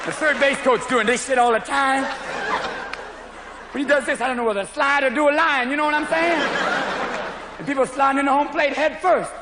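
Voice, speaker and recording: A man in his thirties doing live stand-up comedy on a large stage, manic and rapid-fire, jumping in and out of voices. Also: very high-pitched, fairly even intonation, long reverb tail. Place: large opera house stage. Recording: loud live crowd and room noise. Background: roaring audience laughter.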